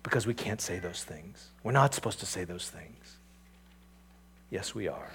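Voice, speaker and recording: A man preaching a sermon in a conversational way, with asides to the listeners, building to emphatic peaks and then dropping to a quiet, earnest tone. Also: deep voice, expressive, moderate pace, husky. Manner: conversational, with "you know" and "right?" asides. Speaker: pastor.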